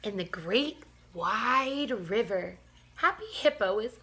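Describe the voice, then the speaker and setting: Soothing woman reading a slow bedtime story. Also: fairly high pitch, big pitch swings. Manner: gentle, soothing, playful with sighs and yawns. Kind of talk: storybook read-aloud for young children.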